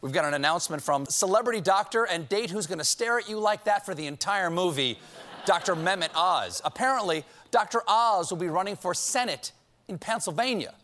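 A man's voice: sits high, lively intonation, a little fast, bright, forceful tone, a little hiss or hum. A man hosting a late-night show, delivering a comedic monologue with punchy jokes and sarcastic asides. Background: studio audience laughing.

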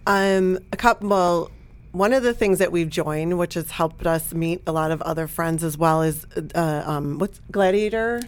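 A woman's voice: lowish voice, moderate pace, clean tone. A middle-aged woman from the Chicago area, a podcast guest in a casual chat, enthusiastic and gushing. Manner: enthusiastic, gushing, with lively swings.

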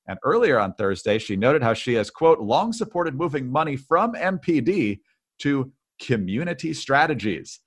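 A man's voice: mid-range voice, very animated, moderate pace. Dry, conversational male podcast co-host. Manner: conversational, dry, with filler words. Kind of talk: political commentary chat.

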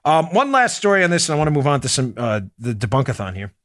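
A man's voice: medium pitch, big pitch swings, fast, a bit bright, dry recording, clean studio sound. A man with a New York accent hosting a political podcast, talking in an emphatic, punchy way and reading ads himself. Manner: emphatic, punchy, repeats key points. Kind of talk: opinionated political talk and host-read ad.

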